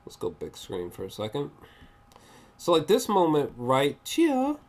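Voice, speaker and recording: Movie reviewer for a casual vlog. Animated and rambly, swears freely, pitch swings widely. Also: unhurried. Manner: animated and excitable, swears often; rambling, with frequent restarts and fillers.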